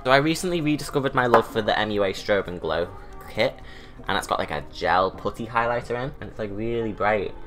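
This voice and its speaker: A man's voice: lowish voice, expressive, brisk, a bit bright, soft background music. Camp British man chatting through makeup. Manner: camp, self-mocking, rambling asides. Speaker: drag artist vlogger. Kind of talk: chatty get-ready-with-me tutorial.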